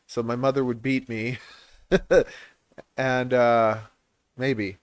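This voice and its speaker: A man's voice: mid-range voice, flat delivery, slow, clear, resonant tone, no echo. Rambling, laughing livestream guy. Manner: rambling, self-deprecating, laughs a lot. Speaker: livestream host and reptile breeder.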